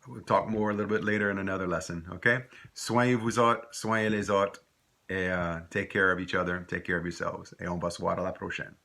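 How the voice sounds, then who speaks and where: A man's voice: low-pitched, little pitch movement, a little fast, gravelly, pushed and bright. A man teaching a recorded language lesson, rambling into anecdotes and switching between French and English.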